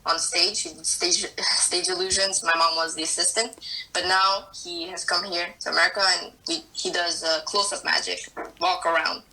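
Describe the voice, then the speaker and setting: Young man with a bright hesitant voice. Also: sits high, level tone, normal speed, poor audio. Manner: short, hesitant answers. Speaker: guest ventriloquist. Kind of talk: video call interview. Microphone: video call.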